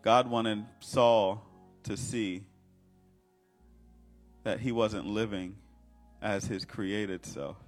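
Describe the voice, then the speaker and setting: Preacher man going slow and fervent, call-and-response vibe, faint music behind. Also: on the low side, steady tone. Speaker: pastor. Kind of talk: sermon.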